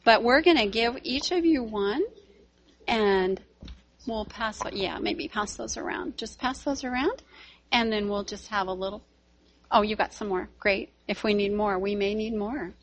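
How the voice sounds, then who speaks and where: A woman teaching children at church tells a Bible story and gently talks to the kids. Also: mid-range voice, a little slow.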